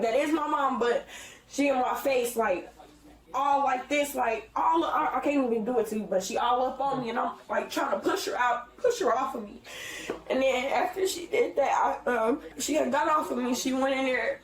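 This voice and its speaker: The speaker is a young woman in her late teens with a slightly high voice, recounting a family fight in an agitated, rambling way that keeps restarting. She sounds distant from the mic, in an echoey room with a crowd murmuring behind her. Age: young adult. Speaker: teen mother talking to police. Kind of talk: recounting an argument.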